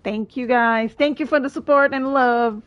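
A woman streaming a video game, reacting excitedly to boss fights and chatting to her viewers. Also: on the high side, normal speed, muffled recording. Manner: excitable, exclaims often, thanks viewers. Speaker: gaming streamer. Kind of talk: live gameplay commentary.

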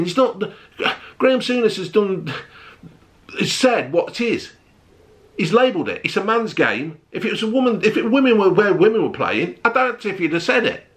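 A middle-aged man, ranting bluntly to camera in a vlog, swearing heavily and flaring up loudly. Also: sits high. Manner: blunt, heavy swearing, rising to shouty outbursts. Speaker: vlogger.

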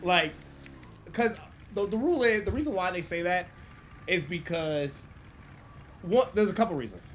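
A man's voice: sits high, expressive, normal speed, slight background noise. A man streaming a roleplay game, chatting casually, swearing freely and explaining rules to other players. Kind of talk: casual livestream chat.

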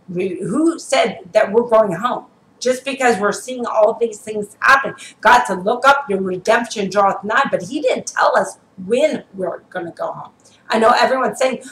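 Preaching woman, fervent and insistent, bright tone, roomy echo. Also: medium pitch, slight background noise. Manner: fervent, preachy, repeats "I'm gonna tell you right now". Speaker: prophetess. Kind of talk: home sermon. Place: at home.

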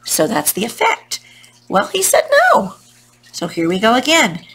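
A woman's voice: medium pitch, unhurried. A woman teacher reading a picture book aloud to children, then explaining the lesson with playful questions. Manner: animated, playful storybook delivery.

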